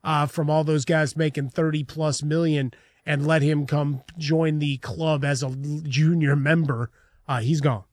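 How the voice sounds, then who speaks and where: A man's voice: a little high, fairly even intonation, unhurried, darkish tone, no room sound. A man co-hosting a sports radio show in a studio, making wry, dry quips.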